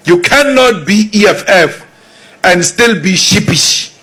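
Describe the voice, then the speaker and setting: A man with a South African accent giving a forceful political speech, repeating his lines for emphasis. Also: high voice, lively intonation, slow pace, slightly rough. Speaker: political speaker.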